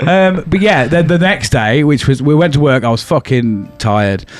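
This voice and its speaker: A man's voice: a little high, normal speed, faint music behind. A young English man with an English accent telling a ghost story in casual podcast chat, swearing often and acting out what was said. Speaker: podcast co-host.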